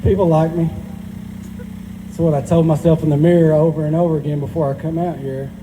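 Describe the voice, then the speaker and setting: This Southern comedian in his forties, with a rural Georgia drawl, performs a crude, self-deprecating stand-up set on stage at a live benefit. His voice is a little high with little pitch movement and a fairly quick delivery. The reverberant hall recording carries background noise.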